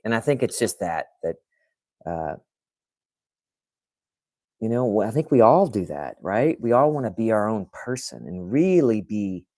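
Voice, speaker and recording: Man, podcast host, lowish voice, casual chat with viewers, dry close sound. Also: darkish tone, no room sound. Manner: conversational, talks straight to chat, restarts often. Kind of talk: casual livestream talk to viewers.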